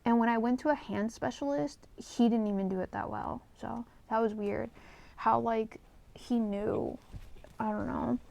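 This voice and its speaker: A woman's voice: on the high side, steady tone, unhurried, vocal fry, darkish tone, dry recording. A woman vlogger telling a personal story in casual storytime style, candid and rambling, with lots of fillers, swearing and an emotional, confessional tone.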